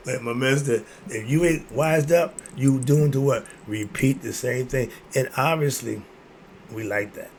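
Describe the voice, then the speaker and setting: Gravelly blunt man in his sixties. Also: mid-range voice, unhurried, slight background noise. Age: 60s. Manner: blunt, preachy, rhetorical questions. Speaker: video host. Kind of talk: ranting monologue.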